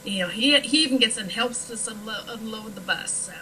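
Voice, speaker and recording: A woman's voice: a little high, a little fast, bright, forceful tone, slight background noise, low-quality recording. A woman from Nebraska, a paranormal investigator, chatting casually on a talk show with plenty of fillers. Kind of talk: casual chat.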